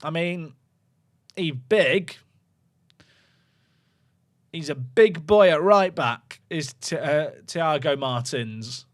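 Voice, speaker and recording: A man's voice: a little high, slow pace, few pauses. A man chatting casually to viewers while he plays a football management game on stream, thinking aloud. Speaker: gaming streamer. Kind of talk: casual livestream commentary.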